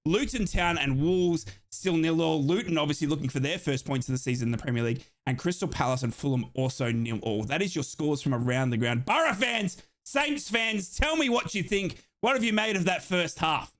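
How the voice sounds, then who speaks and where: Excitable man hosting a football watchalong. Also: a little high, brisk, hardly any pauses. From Australia. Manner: excitable, exclaims and reads chat. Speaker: watchalong streamer. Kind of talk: live football watchalong commentary.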